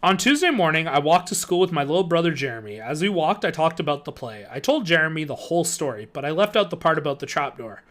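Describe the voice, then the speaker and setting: A man reads a children's horror novel aloud on a live stream. His voice is bright and a little high, and he tells the story expressively. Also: very animated, quick pace, hardly any pauses. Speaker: streamer reading a book aloud.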